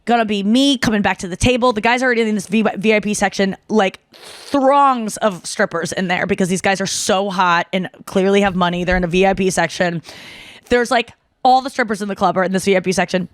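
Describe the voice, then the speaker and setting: A woman in her thirties hosting a podcast, telling a long story in a casual, animated way, full of fillers and acted-out quotes. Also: mid-range voice, fairly quick, no room sound, clean studio sound. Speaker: podcast host.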